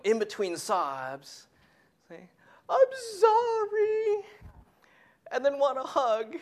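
A preacher giving a sermon who tells a family story and drops to a hushed whisper on key points. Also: medium pitch, smooth.

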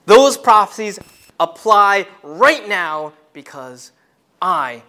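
A man preaching a sermon in an earnest way, often repeating and restarting words, swinging between loud and soft. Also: high-pitched, sing-song, slow.

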